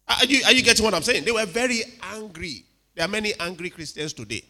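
A man preaching a sermon with animated delivery, acting out quotes and checking in with the congregation. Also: high-pitched, fast. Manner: animated, dramatic, acts out quotes, asks the crowd "are you with me". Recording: reverberant hall.

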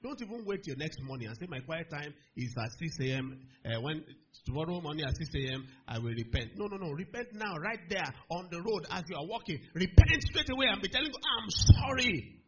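Middle-aged male pastor, sermon storyteller who acts out his characters; bright, lively pitch; slightly muffled recording. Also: brisk. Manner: animated, acts out dialogue in shifting voices, asks congregation questions. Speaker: preacher. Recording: slightly dull recording with faint noise.

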